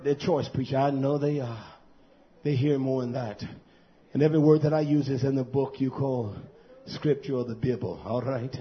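A man preaching a fiery sermon, swinging from loud, rhythmic, "uh"-punctuated shouting to low, quiet talk. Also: highs cut off. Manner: preaching with rhythmic "uh" fillers, rising to shouts then dropping low.

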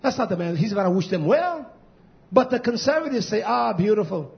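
A man preaching an impassioned sermon, swinging between low mutters and shouted outbursts, drawing out and repeating words for emphasis. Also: big pitch swings, brisk. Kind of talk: fiery sermon. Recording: dull lo-fi recording.

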